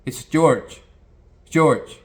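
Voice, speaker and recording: A man's voice: a little high, extremely slow, a little mellow. A small, indignant jockey who keeps correcting people about his name, his broken English carrying a Spanish accent, as a man puts him on. The voice climbs well above the teller's own and presses each word hard. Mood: insistent. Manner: broken English, insistent and riled.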